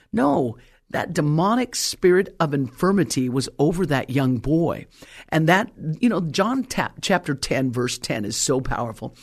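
A preacher delivering a sermon, reading scripture aloud and breaking off to explain it, asking the listeners many rhetorical questions. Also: mid-range voice. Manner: dramatic storytelling with rhetorical questions; swings between loud exclamation and hushed whisper.

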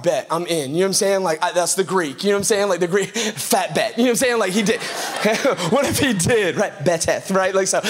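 A pastor in his thirties delivers a sermon in an easygoing, conversational way. His voice sits high for a man. He keeps it lively, acting out little voices and bits of slang as he talks. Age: 30s. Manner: casual, animated, acts out voices with slang and laughs.

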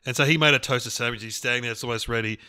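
Man, podcast co-host, animated storyteller, bright and lively, dry close sound. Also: medium pitch, very fast, clear, resonant tone, no echo. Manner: animated anecdotes, laughs through his stories. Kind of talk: casual chat.

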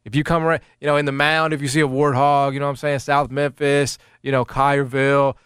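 A man's voice: medium pitch, fast, clear, resonant tone, no room sound, studio quality. A man hosting sports talk radio, telling stories animatedly with lots of fillers. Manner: animated storytelling with many fillers. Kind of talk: casual sports radio banter.

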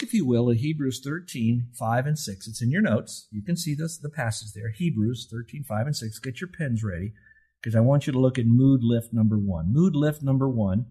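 Middle-aged male pastor, husky, earnest conversational sermon delivery. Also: mid-range voice, warm tone. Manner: earnest, conversational preaching with rising emphasis.

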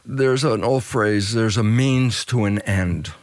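An older man, a biologist guest in an interview, explaining ideas with lively storytelling and acted-out dialogue. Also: takes it slowly, no echo. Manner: acts out quoted dialogue, swings pitch widely for emphasis.

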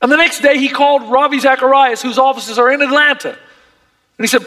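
Guy preaching hard, really high bright voice, echoing big hall. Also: a little fast. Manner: impassioned, emphatic preaching. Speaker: pastor. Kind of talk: sermon.

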